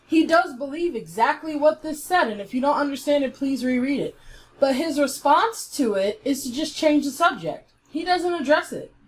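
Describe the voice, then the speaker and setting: A woman's voice: high voice, animated, normal speed. A woman giving a heated, blunt commentary, swearing freely as she picks apart an online argument. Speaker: YouTube commentator. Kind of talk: ranting commentary.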